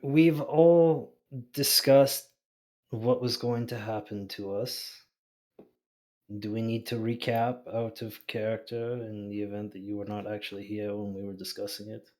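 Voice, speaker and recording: A man's voice: on the low side, steady tone, unhurried, darkish tone. A man playing in a tabletop game, impatient and trying to move the group along. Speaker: player. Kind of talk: casual tabletop game banter.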